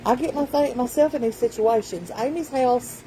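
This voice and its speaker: A woman's voice: a little high, normal speed, mellow, a little hiss or hum, poor audio. A woman, telling a rambling story in casual vlog chat. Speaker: vlogger.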